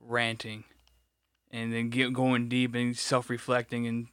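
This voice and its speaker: A man's voice: medium pitch, completely flat delivery, measured pace, fairly bright tone, clean tone, no echo, clean studio sound. A man co-hosting a podcast from his home computer setup, talking bluntly with a lot of swearing and self-deprecating humor. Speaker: podcast co-host and editor. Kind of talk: casual chat.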